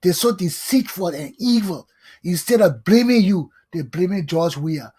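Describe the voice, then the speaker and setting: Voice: medium pitch, lively intonation, measured pace, a little mellow, slightly rough. A talk show host, delivering a fiery, scolding political monologue full of repetition. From Liberia.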